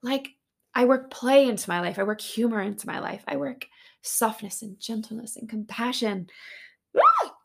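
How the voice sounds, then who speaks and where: A woman hosting a podcast, talking openly and earnestly in a casual, heartfelt monologue that turns excitable at times. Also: fairly high pitch, normal speed, creaky, breathy edge. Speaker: podcast host.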